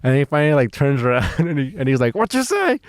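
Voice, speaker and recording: A man's voice: medium pitch, steady tone, fast talker, smooth, no echo, clean studio sound. Rambling, swearing male comedian. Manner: rambling, swearing, lots of fillers and restarts. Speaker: comedian and podcast co-host. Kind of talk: casual storytelling chat.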